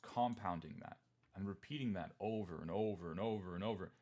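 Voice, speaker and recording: Low-voiced young man talking markets. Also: fairly quick, darkish tone. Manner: candid, emphatic, reassuring. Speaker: trading streamer. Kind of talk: casual livestream market talk.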